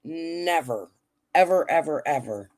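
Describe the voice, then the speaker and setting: A woman's voice: sits low, expressive, measured pace, a little mellow. A woman hosting a casual livestream, chatting bluntly and cussing freely with her viewers. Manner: blunt, profane, talks straight to chat. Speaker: livestream host.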